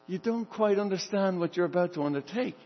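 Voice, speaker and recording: A preacher voicing a soft, gentle teacher. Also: male voice, sits high, fairly quick, highs cut off. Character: gentle, patient male teacher correcting followers.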